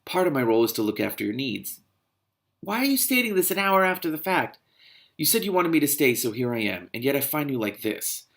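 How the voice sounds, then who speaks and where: A cold, controlling young man, read out by a man with a gravelly edge, speaking in a clipped, measured way. The voice sits mid-pitch. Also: lively intonation.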